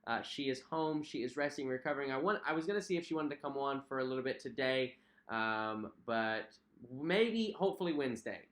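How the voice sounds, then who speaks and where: A young man chats casually on a home livestream, reading out viewer comments and reacting in a friendly way. His voice sits in a middle pitch, and he leans on fillers and repeated phrases as he talks. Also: expressive, brisk, fairly bright tone. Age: young adult. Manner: chatty, friendly, repeats himself, frequent fillers. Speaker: cruise vlog host.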